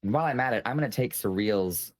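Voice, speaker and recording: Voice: medium pitch, expressive, quick pace. A game show host running a casual online contest, playful and teasing, laughing often, over a video call.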